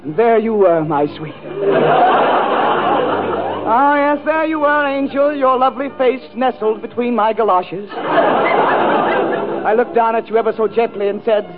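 A man's voice: very high voice, a little slow, long pauses, loud music behind the voice, a loud crowd. A man performing a 1940s radio comedy monologue, declaiming in an overwrought mock-romantic way. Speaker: comedy show regular. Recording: tinny old radio broadcast. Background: orchestra and studio audience.

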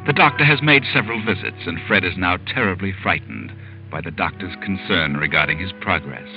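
Deep, expressive male radio narrator, muffled, music under. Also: fairly quick. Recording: dull old radio recording with music.

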